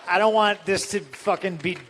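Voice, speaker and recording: A man's voice: high voice, moderate pace, a little hiss or hum. A man as an interview guest, telling stories casually with lots of swearing and fillers. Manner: profane, animated retelling with lots of fillers.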